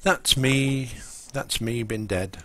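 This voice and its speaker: A man's voice: medium pitch, slow, bright, forceful tone, a little hiss or hum. A man chatting casually and rambling while he plays a game on a live stream. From England. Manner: rambling, full of ums and restarts.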